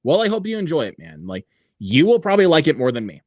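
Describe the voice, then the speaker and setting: A man's voice: on the high side, huge pitch swings, fast talker, a little mellow, no room sound. A man hosting a casual livestream, rambling with many fillers and reading viewer comments aloud. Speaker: livestream host.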